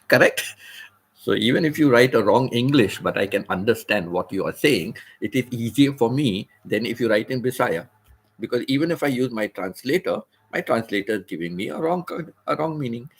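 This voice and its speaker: A man hosting a casual livestream, explaining words patiently and repeating phrases, with the occasional throat clear. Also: medium pitch, animated, normal speed. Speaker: livestream host. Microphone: computer or phone mic, seated.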